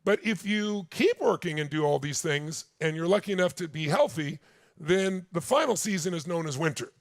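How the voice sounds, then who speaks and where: A man in his sixties, his voice on the high side and expressive at a normal speed, gives a motivational seminar talk on a large stage before a live audience. He tells stories intensely and speaks straight to the listeners, in a studio-quality recording without echo.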